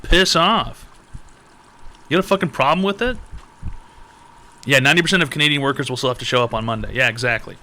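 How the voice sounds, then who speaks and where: A man's voice: medium pitch, a little fast, pauses often, sharp tone. A young man hosting a live-stream advice show, reading out donations and ranting with lots of profanity.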